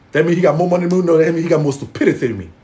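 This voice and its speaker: A man giving casual gossip commentary in a sassy, profane, dramatic way, with loud exclamations and laughing. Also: on the high side, racing. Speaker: gossip vlogger.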